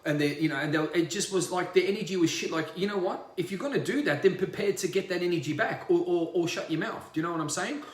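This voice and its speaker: A man's voice: sits high, fast talker, hardly any pauses, reverberant. A man, a spiritual coach, ranting in a livestream monologue, emphatic and profane and repeating himself.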